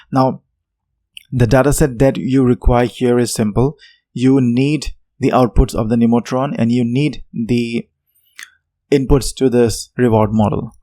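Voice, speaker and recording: A man talks through a technical tutorial in an unscripted way, pausing on fillers and restarting his sentences. His voice sits at an ordinary middle pitch and sounds dry and close, with no room echo. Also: warm tone. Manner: unscripted, many fillers and self-corrections. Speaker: tech tutorial presenter. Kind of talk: explanatory tutorial talk.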